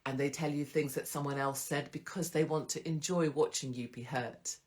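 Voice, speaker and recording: A woman's voice: low voice, fairly even intonation, normal speed, darkish tone. Frank, chatty woman host. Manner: frank and chatty, with swearing and mock voices of others. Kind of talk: casual advice monologue.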